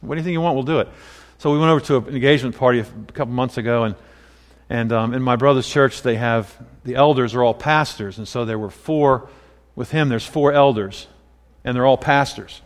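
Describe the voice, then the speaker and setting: A man's voice: medium pitch, a little fast, big-room sound. A man pastor giving a conversational sermon, mixing scripture with personal stories. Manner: conversational preaching with personal anecdotes.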